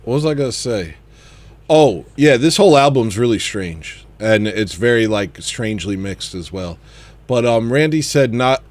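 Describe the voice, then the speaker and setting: A man hosting a casual livestream, chatting about his music in a rambling way that trails off and circles back. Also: mid-range voice. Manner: rambling, trails off and restarts thoughts.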